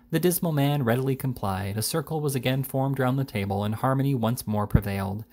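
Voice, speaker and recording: A man reading a classic novel aloud in a measured, unhurried way. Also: mid-range voice, darkish tone. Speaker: reader.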